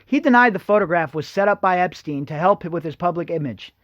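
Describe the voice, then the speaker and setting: A man's voice: high-pitched, lively intonation, a little fast, no echo, lo-fi sound. Sarcastic ranting male podcast host. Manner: sarcastic, mocking, asides to listeners. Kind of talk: ranting commentary over read-out news.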